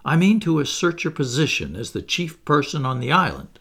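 A proud young noblewoman, put on by a male reader, brisk and commanding, pitched well above his own voice. The tone is husky and grainy, with wide swings in pitch. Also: sing-song, a bit bright, exaggerated voice. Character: proud, sharp young aristocratic lady.

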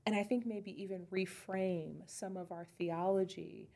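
A woman's voice: medium pitch, steady tone, unhurried, creaky, dark tone. A woman pastor co-hosting a podcast, talking through ideas in a thoughtful, searching way and often restarting her sentences. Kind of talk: casual faith chat.

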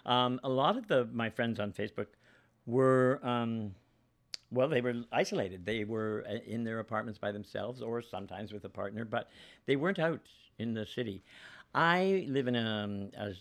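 Gravelly man telling meandering stories. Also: mid-range voice, lively intonation, normal speed. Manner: meandering, self-deprecating storytelling with laughter. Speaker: guest, actor and photographer. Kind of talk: casual interview chat.

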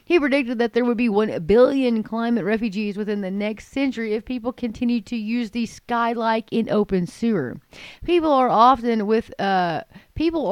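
A woman's voice: medium pitch, darkish tone, clean tone, no echo. A woman hosting opinionated commentary, reading out a news story and mocking it, talking straight to her viewers. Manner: scornful, mocking, addresses viewers as folks. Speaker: commentary host.

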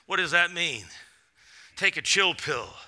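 A middle-aged man from Massachusetts preaching a sermon from a church platform, swinging between shouted bursts and quiet storytelling. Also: on the high side, animated, a little slow. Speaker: guest preacher.

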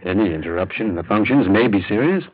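A man playing a formal, measured doctor in a 1940s radio drama. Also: on the low side, lively intonation, dry recording. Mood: calm. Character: calm, guarded middle-aged male doctor. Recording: dull, dry lo-fi old radio recording.

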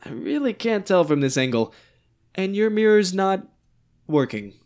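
A man's voice: high-pitched, very animated, unhurried, darkish tone, full character voice. Guy doing a needy ghost dictator, voice leaping way up and down, whiny then bellowing. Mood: chummy. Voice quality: theatrical, swinging between whimpers and outbursts. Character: ghostly male dictator with a bullet wound, needy and melodramatic. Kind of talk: script reading of a stage play.

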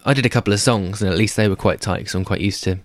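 A man's voice: fairly low pitch, very fast, dry recording. A young man chatting casually on a podcast about performing at a night, rambling and laughing between thoughts. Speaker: stand-up and music performer.

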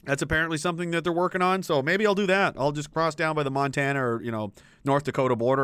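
A man's voice: a little high, quick pace, fairly bright tone, smooth, no room sound. A man giving ranting political commentary, sarcastic and exasperated, with swearing.

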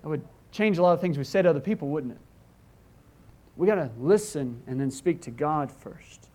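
A man's voice: fairly high pitch, animated, normal speed, a little mellow. A middle-aged man preaching a sermon as pastor, earnest and pleading, asking rhetorical questions and often restarting his words.

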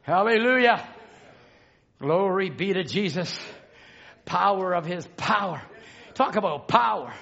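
A male preacher delivering a sermon, shouting in a repetitive, chanting cadence. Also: high-pitched, animated, measured pace, gravelly, pauses often, highs cut off.

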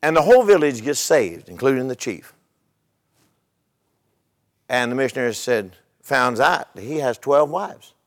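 A man's voice: medium pitch, sing-song, measured pace, pauses often, big-room sound. An older man, a pastor, preaching a sermon in a conversational way, repeating his words and telling humorous stories.

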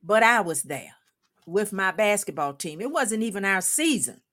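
Animated older woman telling a story. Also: medium pitch, moderate pace. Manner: animated storyteller, laughs often, quotes people in character. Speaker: guest, former women's basketball coach. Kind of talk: storytelling on a talk show.

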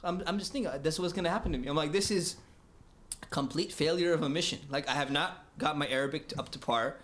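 A man from the United States telling a story in a casual, animated way, laughing often and acting out the dialogue. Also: a little high, fast talker.

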